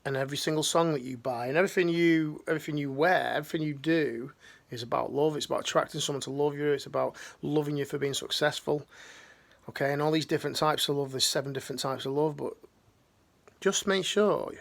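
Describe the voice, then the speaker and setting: Middle-aged man, ex-military life coach, gravelly, slangy and heartfelt, restarts a lot. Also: a little high. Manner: earnest, slangy, rambling with restarts. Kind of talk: emotional motivational talk.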